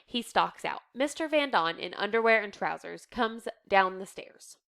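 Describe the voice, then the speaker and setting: A woman reading the stage directions of a play aloud in a steady, measured way. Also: medium pitch, gravelly, clean tone. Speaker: reader.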